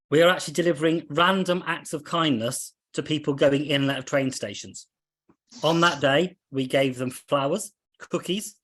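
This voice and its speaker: A man giving a presentation as a district officer, speaking in a measured way and listing his points in a steady rhythm. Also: fairly high pitch. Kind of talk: presentation to an online meeting.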